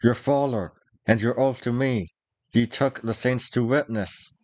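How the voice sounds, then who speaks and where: A man's voice: mid-range voice, a little slow, a little mellow, no echo, close to an everyday voice. A man reading aloud, voicing a dogged, devoted young lad who speaks in old-fashioned phrasing. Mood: pleading.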